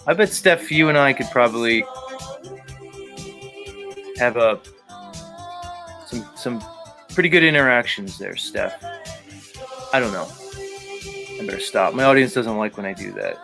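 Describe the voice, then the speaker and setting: Gravelly, crude-joking livestream host man. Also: medium pitch, measured pace, pauses often, sharp tone, soft background music. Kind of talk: casual livestream chat reading comments.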